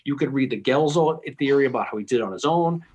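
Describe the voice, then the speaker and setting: A man co-hosting a podcast, talking through history in an animated, analytical way with many restarts. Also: mid-range voice, fast, breathy edge, dull audio. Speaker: podcast co-host. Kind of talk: casual history discussion.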